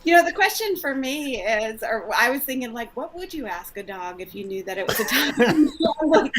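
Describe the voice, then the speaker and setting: A woman's voice: fairly high pitch, animated, normal speed, crowd noise, low-quality recording. A woman co-host of an interview podcast, chatting casually and giggling as she talks. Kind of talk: casual chat.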